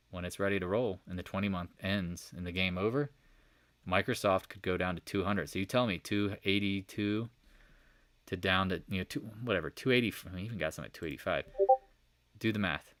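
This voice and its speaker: Animated man talking through stock charts. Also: low-pitched, fairly quick, no echo. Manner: animated, swearing, jokey asides, frequent sudden loud outbursts. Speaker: stock market recap host. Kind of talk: casual screen-share chart commentary.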